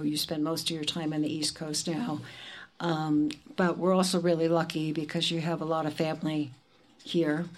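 A woman hosts a poetry event, introducing poets in a chatty, informal way. She drops in fillers and small asides, her voice pitched a little low. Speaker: event host. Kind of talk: introducing speakers at a reading.

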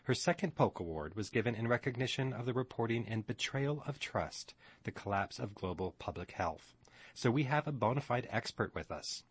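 A man's voice: fairly low pitch, fairly bright tone, husky, dry recording. A male radio host introducing a guest and reading from her website in an earnest, formal way.

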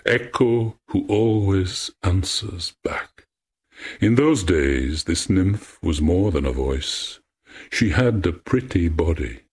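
A man reading an old myth aloud as storyteller, in a measured, poetic way. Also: low voice, animated, darkish tone, slightly rough.

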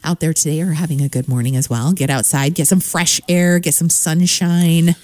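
A woman's voice: sits low, steady tone, normal speed, a little mellow, no echo. A woman co-hosting a community radio show in casual chat, upbeat and chatty, often trailing off with fillers. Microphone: studio microphone.

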